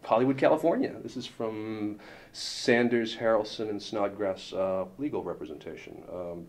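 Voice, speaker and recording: A man with a fairly low voice co-hosts a comic podcast. He reads listener letters aloud slowly and deliberately. Around the letters he hesitates, with plenty of "uh" and "okay". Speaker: podcast co-host. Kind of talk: comic scripted podcast banter.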